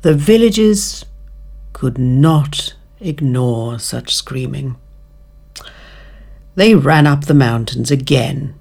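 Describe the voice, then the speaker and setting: A woman narrating a children's story with an expressive, drawn-out reading. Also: extremely low pitch, vocal fry.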